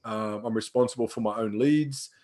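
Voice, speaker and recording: A man's voice: fairly low pitch, moderate pace, a little mellow. A young man, a personal trainer, telling stories in casual chat, swearing freely and acting out the lines of people he quotes.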